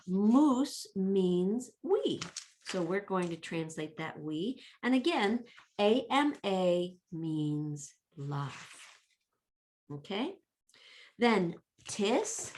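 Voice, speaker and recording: A woman's voice: mid-range voice, slight background noise. A middle-aged woman teaching a Latin lesson for children, patiently repeating words, spelling them out and checking in with "okay" and "right.".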